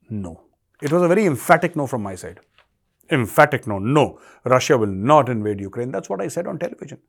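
Indian man, show host, fairly high voice, emphatic, repeats himself, lecturing commentary. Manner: emphatic, repeats key points for weight; lecturing, addresses the audience directly. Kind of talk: solo current affairs commentary.

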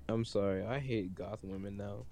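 A man's voice: on the low side, steady tone, normal speed, darkish tone. A young man co-hosting a podcast in casual chat on a voice call, blunt and incredulous with crude teasing. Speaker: podcast co-host.

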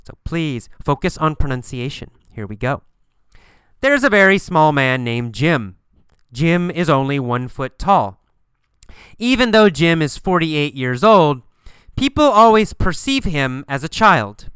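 This is a deliberate language lesson told as a story: a man with a bright, crisp voice and animated, rising-and-falling pitch slowly and clearly repeats phrases for learners to echo. The recording is close and dry, free of room sound.

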